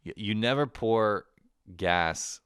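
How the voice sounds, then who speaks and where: Deep-voiced Canadian man ranting. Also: takes it slowly, clean tone, no room sound, clean studio sound. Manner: animated, swearing, laughing often. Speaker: podcast host. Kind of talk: casual comedic monologue.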